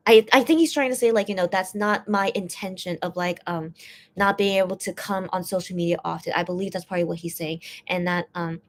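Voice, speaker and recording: A woman with a fairly low voice and fairly even intonation hosts a casual fan-channel live stream, speaking fairly quickly as she translates and explains posts. Her talk rambles with fillers and restarts, and she gets teary and emotional while reading.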